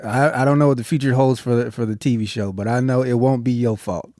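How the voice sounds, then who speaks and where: A man on a comedy podcast speaking in halting, supportive bursts and swearing casually. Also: mid-range voice, steady tone, dark tone, dry recording, studio quality. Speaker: podcast co-host.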